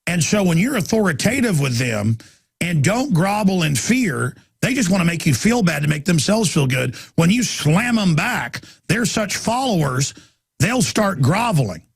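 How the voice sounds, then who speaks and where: A man hosting a talk radio show, ranting in a loud, aggressive, rapid-fire way. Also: high-pitched, very animated, vocal fry, husky.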